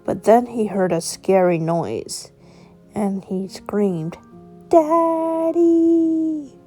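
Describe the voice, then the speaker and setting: A woman narrating a children's bedtime story in a slow, gentle storytelling manner. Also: mid-range voice, soft background music.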